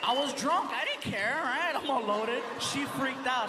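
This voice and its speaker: A man from a Mexican-American background doing a stand-up set, animated and chuckling as he goes. His voice sits very high for a man. The sound is a live recording in a big venue, with long reverb and a loud crowd behind. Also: measured pace, few pauses, very noisy. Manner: animated storytelling, laughing at his own jokes. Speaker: stand-up comedian. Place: large comedy venue.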